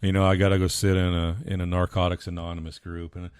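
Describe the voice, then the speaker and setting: A man's voice: low-pitched, completely flat delivery, fast talker, darkish tone, clean tone, no room sound, clean studio sound. A man co-hosting a podcast who speaks in a heartfelt, earnest way and often repeats words as he restarts his sentences. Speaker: podcast co-host, husband and father. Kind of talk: casual podcast conversation.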